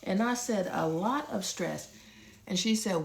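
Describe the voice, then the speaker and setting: A woman's voice: medium pitch, measured pace, gravelly. A woman in her thirties telling a personal story straight to her viewers, candid and casual.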